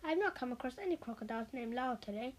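A woman's voice: on the high side, expressive, very fast. A woman voicing a polite but dismissive male sporting goods salesman.

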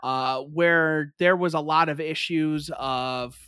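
Brief: high-voiced, excitable male podcast co-host, profane storyteller, dry sound. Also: slow, smooth, dry recording. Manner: excitable, swears a lot, laughs often. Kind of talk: casual chat, animated storytelling.

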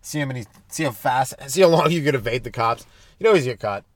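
A young adult man hosting a comedy podcast, stoned and rambling loosely through jokes with sudden animated bursts. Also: mid-range voice, fast. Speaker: podcast host.

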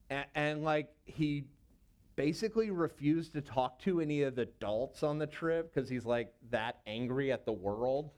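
A man's voice: medium pitch, smooth. A man in his thirties, a youth pastor, telling a personal story in a casual, rambling way with many fillers.

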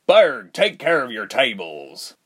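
A man voicing a stern middle-aged innkeeper who is a father, speaking slowly and firmly. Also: medium pitch, wildly swooping pitch, breathy edge, voice pushed up, heavily acted. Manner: slow, firm, scolding.

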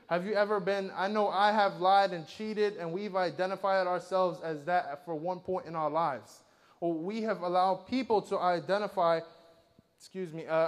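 High-voiced man preaching in a reverberant hall. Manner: earnest, conversational retelling with filler words. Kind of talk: sermon.

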